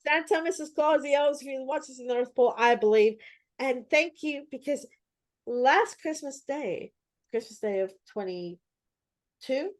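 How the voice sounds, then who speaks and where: A woman tells a story in casual chat, her voice pitched a little high. She acts out her own reactions with animation. The sound is close and dry. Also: expressive, unhurried, no echo. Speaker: host.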